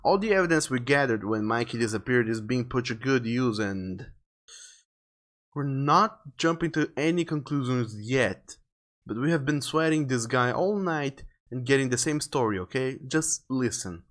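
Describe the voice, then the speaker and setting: A man voicing a weary small-town male detective who talks in a steady, matter-of-fact way. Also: mid-range voice.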